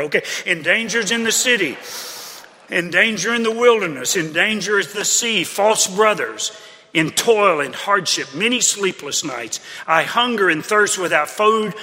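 A man's voice: high voice, sharp tone. Earnest man preaching in a reverberant sanctuary. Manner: earnest, conversational preaching with repeated phrases. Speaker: pastor. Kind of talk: sermon. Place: church sanctuary.

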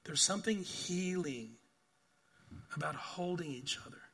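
An older pastor delivers a sermon, telling stories earnestly, repeating phrases and often asking "right?" His fairly high, slightly rough voice keeps a measured pace, swelling into emphatic bursts before falling soft and quiet.

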